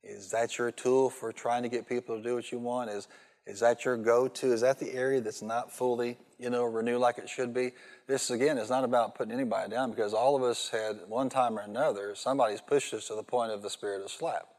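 A man's voice: mid-range voice, brisk. Male preacher in an echoing hall. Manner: animated storytelling with call-and-response. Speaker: pastor. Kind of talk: sermon. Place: large church hall. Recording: long reverb of a large hall.

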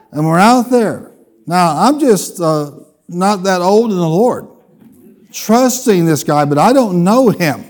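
Male pastor, slightly high voice, animated comic storyteller in the pulpit. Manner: storytelling with humor, lively and animated. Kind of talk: sermon.

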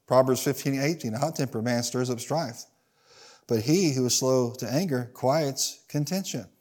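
A man's voice: mid-range voice, normal speed, darkish tone. A pastor preaching a sermon in a church. He asks the congregation to answer back and acts out the people in his stories. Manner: preaching with call-and-response to the congregation.

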